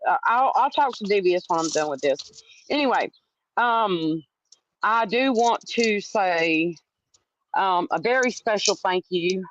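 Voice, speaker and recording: A middle-aged woman hosting her channel, talking casually in a loud, profane, teasing way. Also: medium pitch, no room sound, lo-fi sound. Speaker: channel host. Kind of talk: casual chat.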